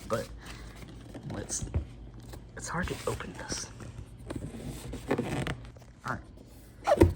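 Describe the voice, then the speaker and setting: A man's voice: mid-range voice, background noise. Easygoing man unboxing, a bit breathless. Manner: rambling and easygoing, with many fillers. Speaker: toy and prop reviewer. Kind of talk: casual unboxing talk.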